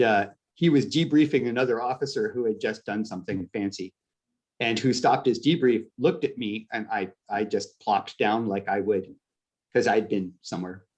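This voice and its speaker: Speaking at a medium pitch with a darkish tone, this middle-aged author from upstate New York, USA, has an accent with a Canadian flavor. In a casual interview he rambles, pokes fun at himself, and keeps restarting sentences between laughs.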